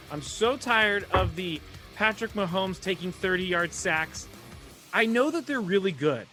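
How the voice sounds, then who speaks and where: Brief: male sports podcast host, playful, steers the talk, crisp bright tone. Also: high voice. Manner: jokey, animated, running the segments. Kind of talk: casual sports podcast chat.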